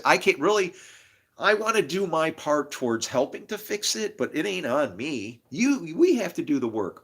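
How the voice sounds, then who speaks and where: A man's voice: fairly high pitch, gravelly, a bit bright. A man talking straight to the camera in a rambling, agitated personal monologue, profane and jumping from story to story. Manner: agitated, profane, jumps between stories. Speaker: self-made video host.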